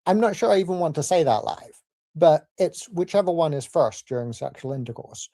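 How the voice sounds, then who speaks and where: A man giving a formal debate rebuttal in a measured, argumentative way. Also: on the high side, expressive, warm tone, no echo.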